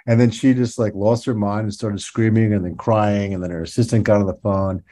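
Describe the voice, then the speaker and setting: A man as a podcast guest, telling stories in a relaxed way with laughs and fillers. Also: fairly low pitch, brisk. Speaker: podcast guest, toy designer. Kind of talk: casual interview.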